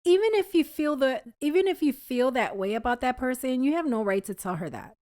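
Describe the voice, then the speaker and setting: A woman co-hosting a casual chat podcast, speaking forcefully and chiming in with quick agreement. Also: high-pitched, expressive, dry recording, studio quality. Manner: forceful, agreeing loudly with short interjections. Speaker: podcast co-host.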